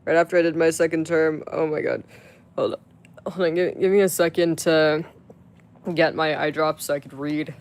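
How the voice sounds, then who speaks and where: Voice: mid-range voice, fairly even intonation, moderate pace. A live streamer chatting casually to viewers, rambling with many fillers and restarts, swearing freely. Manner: crude, profane outbursts at chat.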